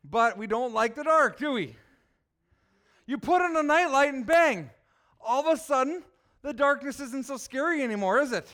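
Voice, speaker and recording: A man preaching a lively sermon that asks the listeners questions. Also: very high voice, normal speed. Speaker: children's preacher.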